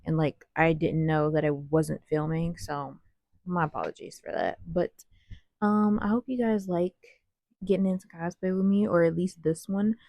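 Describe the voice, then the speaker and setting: A woman's voice: on the low side, creaky, warm tone, no echo. A woman cosplay vlogger rambling in casual, slangy voice-over about her makeup. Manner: rambling, slangy, self-deprecating.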